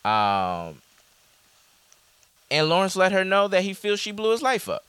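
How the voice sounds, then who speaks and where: A man's voice: high-pitched, wildly swooping pitch, unhurried, a bit bright, smooth, no room sound. A man co-hosting a casual chat, rambling through a story recap with many restarts. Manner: rambling, restarts, quotes characters in voices. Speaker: podcast co-host recapping a show.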